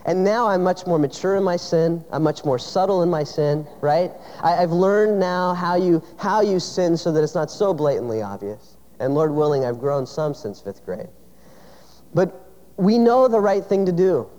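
A man's voice: fairly high pitch, animated, moderate pace, dark tone. A man preaching a sermon, telling a personal story in a conversational way with rhetorical questions. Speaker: pastor. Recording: dull sound with long hall reverb.

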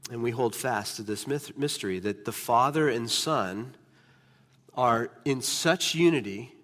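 A man preaching a sermon as pastor, emphatic, slowing down and dropping to a hush on key words. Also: mid-range voice. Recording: long reverb of a large hall.

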